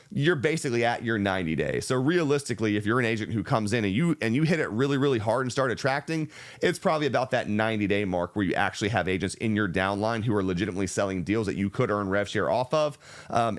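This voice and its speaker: A man hosting a reaction video, explaining a business model in a measured, step-by-step way with some restarts. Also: on the low side. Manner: measured, explanatory, restarts and fillers, speeds up and slows down. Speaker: real estate channel host reacting to a video.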